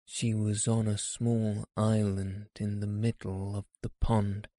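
A man reads a children's story aloud in a low, mellow voice, gently and very slowly. The recording is dry and close, with no room sound. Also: little pitch movement, no room sound.

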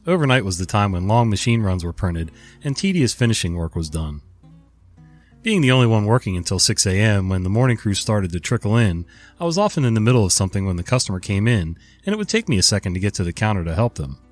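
A man with a low, stuffy, nasal voice reads a story aloud in a wry, conversational way. His pitch rises and falls a lot, and soft guitar plays faintly under him. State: stuffy nose from a cold. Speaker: host.

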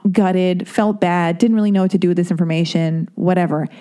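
A woman with a somewhat low, warm and relaxed voice tells a long story on her podcast. She talks casually and rambles, sprinkling in swear words and side remarks before finding her way back to the point. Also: brisk. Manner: chatty, profane, self-interrupting with asides. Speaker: podcast host.

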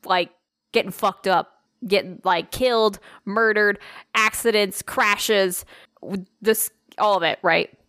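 A woman's voice: medium pitch, fairly even intonation, takes it slowly, fairly bright tone. A woman co-hosting a casual podcast, rambling and swearing freely with frequent laughs and restarts. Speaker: podcast co-host. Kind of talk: casual chat.

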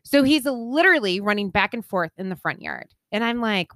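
A woman telling a story in casual chat, animated, swearing freely and acting out the voices. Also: mid-range voice, moderate pace, few pauses. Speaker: storyteller in a conversation.

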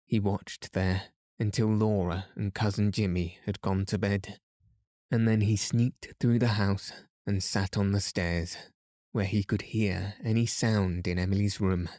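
A man calmly reading a classic novel aloud as a bedtime story for a sleep podcast, soothing and unhurried. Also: lowish voice, dry recording, clean studio sound. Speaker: podcast narrator.

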